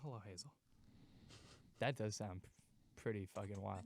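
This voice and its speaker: Relaxed man chatting as a podcast guest. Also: lowish voice, moderate pace, gravelly. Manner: loose, filler-heavy questions. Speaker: comedian guest. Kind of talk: casual podcast chat.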